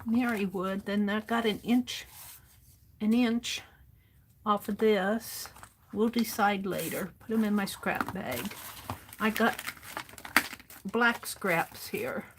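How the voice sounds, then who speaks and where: A woman rambles to herself at an unhurried pace while she works at her craft desk. Her talk is casual and self-amused, and a faint hiss sits under the recording. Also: mid-range voice. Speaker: art journaling streamer.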